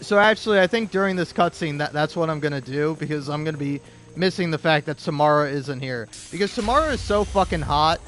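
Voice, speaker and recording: A young man with a high, light voice rants sarcastically while he plays a game. His talk rambles and is full of swearing, delivered in a loose, offhand way. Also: animated, fairly quick, a bit bright, a little hiss or hum. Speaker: gaming commentator. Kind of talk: casual ranting gameplay commentary.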